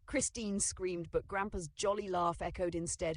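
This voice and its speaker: Narrator for a kids' storybook, gravelly, husky, dry close sound, dramatic delivery. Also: medium pitch, normal speed, few pauses, no room sound.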